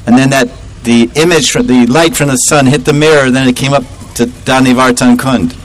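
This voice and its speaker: A man telling a devotional story in an animated way, chuckling and acting out the characters. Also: mid-range voice, fairly quick, poor audio. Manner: animated, chuckling, acts out voices.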